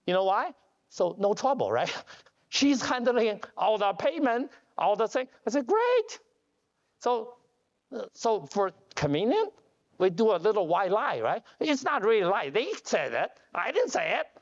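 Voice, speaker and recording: A man giving a joking conference keynote as a company CEO, telling animated stories with broken grammar and restarts. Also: high voice, moderate pace. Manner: animated storytelling with jokes; non-standard grammar, restarts. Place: conference hall. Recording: dull lo-fi conference audio.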